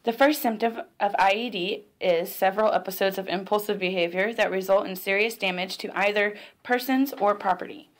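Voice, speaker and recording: A woman reads documentary narration in a measured, clinical manner. Her pitch sits in the middle of the usual range. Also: fairly even intonation.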